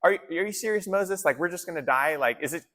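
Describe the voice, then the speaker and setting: A man's voice: on the high side, lively intonation, fairly quick, sharp tone, long reverb tail, pitched above the performer's own voice. A man doing panicked, disbelieving refugees. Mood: incredulous. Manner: exasperated, disbelieving questions. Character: panicked crowd of freed slaves, incredulous.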